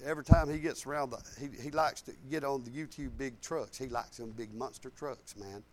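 A man's voice: mid-range voice, fairly even intonation, fairly quick. A man in his fifties preaching a sermon, telling folksy personal stories in casual, colloquial grammar.

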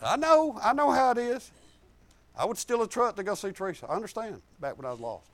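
A middle-aged man with a drawl preaches a sermon in a homespun, storytelling way. His voice sits high, and he jumps from loud outbursts to near-murmured asides. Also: very animated, fairly quick. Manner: folksy storytelling, swings from loud to hushed.

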